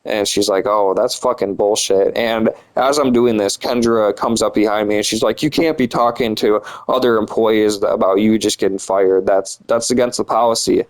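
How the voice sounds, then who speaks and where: A man's voice: lowish voice, steady tone, normal speed, low-quality recording. A young man telling a story casually, rambling and swearing a lot, with many filler words. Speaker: vlogger.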